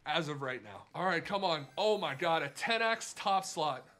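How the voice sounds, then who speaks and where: Young man, high voice, very animated pitch, excitable, swearing, gambling commentary. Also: normal speed. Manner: excitable, swings from muttering to shouting and swearing. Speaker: gambling streamer.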